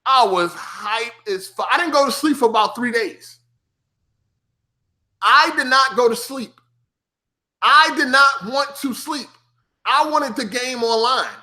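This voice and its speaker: A streamer relates a gaming tale in a relaxed, unhurried way, pausing often, swearing and using lots of slang, and he imitates his younger self with a higher, excited voice.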